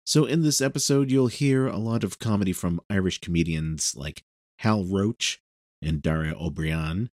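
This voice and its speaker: A male radio show host who introduces the clips in a relaxed, offhand way. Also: deep voice, no echo, studio quality. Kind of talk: casual show hosting.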